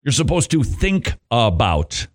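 A man hosts a Christian talk radio show, his pitch swinging widely as he jokes his way through a monologue. He laughs often and throws in playful asides between points. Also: sing-song, measured pace.

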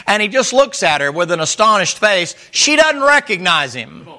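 A man's voice: sits high, expressive, brisk, hardly any pauses, pushed and bright. A man preaching a sermon in a folksy, emphatic way, chuckling often and repeating himself. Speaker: pastor.

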